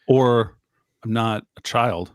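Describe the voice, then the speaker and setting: A man's voice: medium pitch, takes it slowly, no echo. A man co-hosting a podcast in casual chat, blunt with dry short answers. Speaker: podcast co-host.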